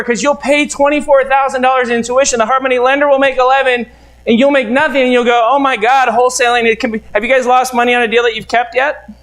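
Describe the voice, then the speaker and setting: A man's voice: extremely high pitch, fairly bright tone, low-quality recording. A middle-aged man from the United States, a real estate mentor, telling a seminar story and acting out both sides of the conversations.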